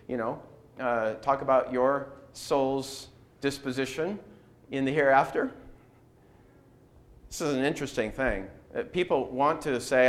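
A man leads a Bible class with a lively, swinging voice pitched a little high. He teaches through strings of rhetorical questions. He acts out the replies he quotes.

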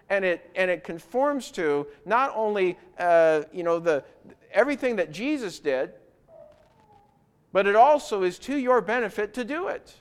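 A man preaching a sermon, explaining scripture and pressing his point with emphatic rhetorical questions. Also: high voice. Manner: emphatic rhetorical questions, building to loud insistence.

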